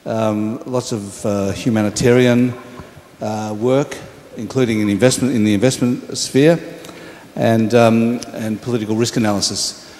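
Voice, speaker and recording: A man's voice: fairly low pitch, steady tone, a little slow, darkish tone. Hesitant male host in a reverberant hall. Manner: hesitant, full of ums. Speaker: event host introducing a speaker. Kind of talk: stage introduction. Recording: hall reverb with faint room noise.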